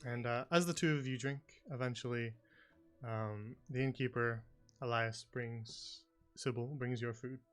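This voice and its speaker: A man narrates a tabletop game as its dungeon master in a mid-range voice. His delivery is relaxed and peppered with fillers, over faint background music. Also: medium pitch, measured pace, smooth.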